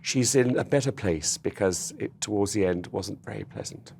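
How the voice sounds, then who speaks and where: A man speaking as a guest in a TV news studio interview, remembering a late friend in a warm, rambling way. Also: lowish voice, lively intonation, normal speed, creaky, a little hiss or hum.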